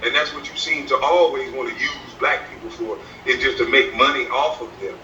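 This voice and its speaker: A man's voice: mid-range voice, fairly even intonation, normal speed, bright, forceful tone, slight background noise. A man vlogging from inside his truck in a casual rant, profane and taunting, laughing between jabs. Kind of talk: casual ranting commentary. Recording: distant, echoey, dull sound.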